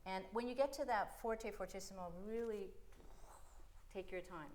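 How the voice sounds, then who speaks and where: A woman's voice: mid-range voice, normal speed. A middle-aged woman from the United States, a piano teacher coaching a chamber trio in a masterclass, counting and singing rhythms aloud while they play. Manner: animated, counts and sings rhythms aloud over the playing. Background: piano, violin and cello playing.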